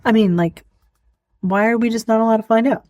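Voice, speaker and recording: A woman's voice: a little high, a little fast, darkish tone, dry recording. A woman hosting a solo podcast, rambling and giggling often, with lots of "like" fillers, in casual chat. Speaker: podcast host.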